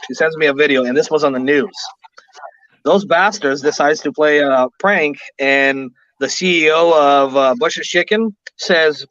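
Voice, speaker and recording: A man in his thirties hosting a relaxed chat show, his voice bright and a bit high. He tells stories with playful, exaggerated outrage. The sound is dry and slightly dull, like a budget recording. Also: normal speed, no echo. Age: 30s. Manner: animated storyteller, exaggerated outrage. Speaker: podcast host. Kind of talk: casual chat.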